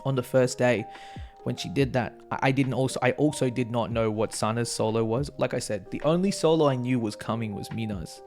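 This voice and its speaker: An excitable man with a gravelly, fry-edged voice recaps a concert in casual, slangy talk, swearing and laughing freely. Soft music plays faintly behind him. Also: mid-range voice, brisk. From Australia. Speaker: vlogger.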